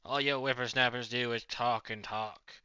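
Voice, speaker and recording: A man's voice: mid-range voice, fairly even intonation, normal speed, bright, forceful tone, smooth, no room sound, highs cut off. A man voicing a cranky, impatient old father who scolds the young. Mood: scolding. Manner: scolding, crotchety.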